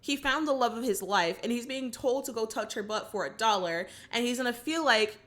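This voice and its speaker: A woman's voice: on the high side, brisk, a bit bright. A young woman hosting a movie reaction channel, retelling the film and giving her opinions to viewers in a chatty, casual way. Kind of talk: casual film recap and commentary.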